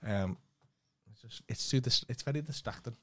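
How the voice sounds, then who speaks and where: A man's voice: medium pitch, normal speed, pushed and bright. A young English man co-hosting a podcast, talking in a laid-back, teasing, mumbly casual chat. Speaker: podcast co-host.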